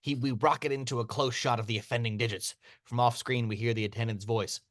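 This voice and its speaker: A man's voice: mid-range voice, quick pace, no echo, studio quality. Man reading screenplay action lines. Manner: steady read-aloud narration. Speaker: narrator of stage directions.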